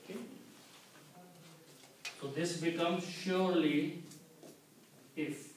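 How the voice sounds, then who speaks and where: A man teaching a classroom Quran lesson, explaining slowly and checking in with "okay" as he repeats each point. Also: a little high, fairly even intonation. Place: community center classroom. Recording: very echoey room, distant mic, faint noise.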